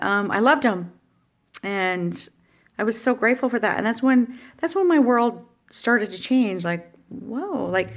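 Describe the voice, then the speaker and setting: A middle-aged woman with a gravelly, mid-range voice shares a heartfelt personal story in a vlog. She rambles emotionally, with many fillers and restarts.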